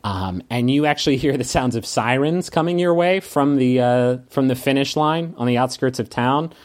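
A man narrating as a game master, setting scenes with unhurried description. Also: mid-range voice.

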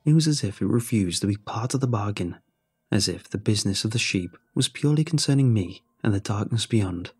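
A man narrating a horror story in a measured, brooding way. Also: fairly low pitch, expressive, husky, soft background music.

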